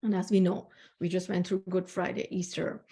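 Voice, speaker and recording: A woman, a spiritual healer, telling a personal dream story in an earnest, reflective way with soft hesitations. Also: lowish voice, level tone, moderate pace.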